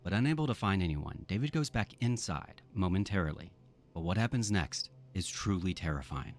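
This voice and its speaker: A man's voice: low-pitched, expressive, fairly quick. A man narrating a scripted true-crime story in a dramatic storytelling manner.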